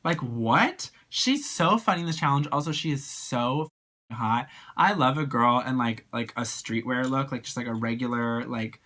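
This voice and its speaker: A drag performer reviewing an episode in a casual video, talking in animated, slang-filled bursts. The voice has a bright, forceful edge and a middling pitch, and it leaps high whenever excitement hits. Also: moderate pace.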